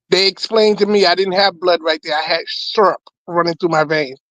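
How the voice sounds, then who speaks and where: A man, a comedian, telling his testimony as an animated story, often repeating words. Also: high voice, normal speed, hardly any pauses, no room sound, rough recording. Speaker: guest comedian.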